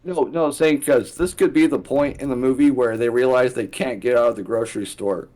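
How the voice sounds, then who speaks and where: A man co-hosting a podcast in a studio, thinking aloud and working through story logic in a relaxed chat. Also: medium pitch, brisk. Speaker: podcast co-host. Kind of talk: casual brainstorming chat.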